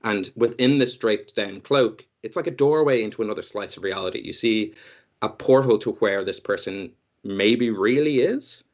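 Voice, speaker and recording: A man's voice: lowish voice, normal speed, muffled recording. A man narrating a tabletop game as game master, rambling and laughing often.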